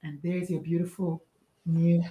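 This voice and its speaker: A woman's voice: lowish voice, measured pace, roomy sound. A woman from Nigeria, a pediatrician and life coach, telling stories as a podcast guest and acting out the voices of the people in them. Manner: acts out quoted voices, emphatic and expressive. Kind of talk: animated storytelling in conversation.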